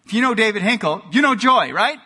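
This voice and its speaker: Guy pastor preaching, bright tense voice, big echoey church hall, goes loud then quiet. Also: high-pitched, brisk, slightly rough. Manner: energetic preaching, swings from loud exclamations to quiet emphasis. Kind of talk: sermon. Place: church sanctuary. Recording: long hall reverb.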